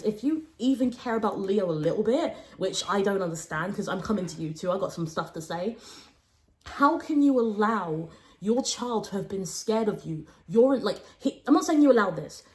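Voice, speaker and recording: A young woman hosting a casual storytime podcast, talking animatedly and dropping low and hushed when she quotes people. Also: normal speed. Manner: animated, swings between raised exclaiming and low, hushed quoting. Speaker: podcast host.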